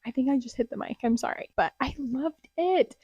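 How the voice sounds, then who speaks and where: A young woman chatting casually about books she read, gushing and dropping into excited whispers. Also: sits high, brisk, husky, no echo, lo-fi sound. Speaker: booktuber. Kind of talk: casual book review vlog. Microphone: close desk mic.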